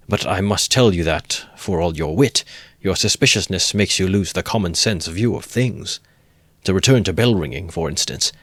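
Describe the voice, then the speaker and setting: Brief: man reading as a needling investigator, deep voice, dry close sound, teasing and ironical. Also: a bit bright, no room sound. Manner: teasing, good-humoured, needling questions. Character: sly, ironical middle-aged male investigator.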